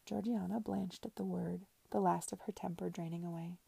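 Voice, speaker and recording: A woman reading a novel aloud in a soft, half-whispered narration. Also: fairly low pitch, steady tone, normal speed, vocal fry, breathy edge, dry recording. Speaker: reader.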